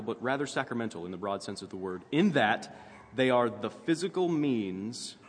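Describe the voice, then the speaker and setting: A man's voice: on the low side, husky. A man preaching a teaching sermon in a conversational way, with fillers and frequent "right?" asides. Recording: long reverb in a hall.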